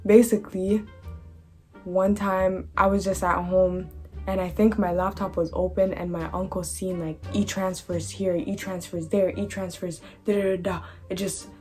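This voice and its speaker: Young woman vlogger, casual storytime read, animated and slangy, drops sentences halfway, faint music under her. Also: lowish voice, normal speed.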